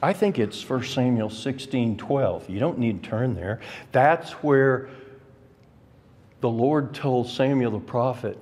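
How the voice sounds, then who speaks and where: A man leads an adult Bible class at a deliberate, unhurried pace, his pitch climbing and dropping widely as he hammers home key words. His voice has a husky edge. It rings with the long reverb of a church hall. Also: animated, darkish tone. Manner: emphatic, rises sharply on key words; addresses the class directly with questions. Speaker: adult Sunday school teacher.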